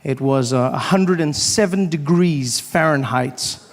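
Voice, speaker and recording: A young man performing a stand-up comedy set, telling animated stories and acting out other voices, on a stage microphone before a live audience. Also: a little high. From South Africa. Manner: animated storytelling, acts out voices, quick asides. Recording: live stage audio with background noise.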